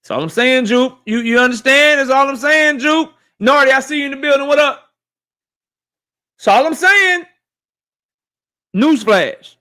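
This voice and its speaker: A man's voice: extremely high pitch, expressive, measured pace, long pauses, pushed and bright. A man hosting a casual boxing livestream, ranting animatedly and profanely while reading chat messages.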